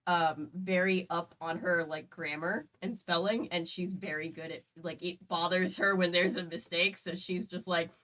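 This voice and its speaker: Lowish-voiced woman chatting casually on a stream, says "like" a lot, rambles. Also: fairly even intonation, normal speed, few pauses, pushed and bright, low-quality recording. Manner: rambling, full of "like" fillers. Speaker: host.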